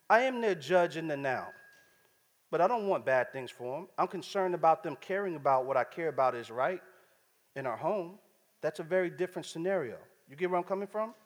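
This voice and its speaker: A man preaching a sermon, using casual street slang and checking in with the congregation as he talks. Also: sits high. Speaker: pastor. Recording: church hall reverb.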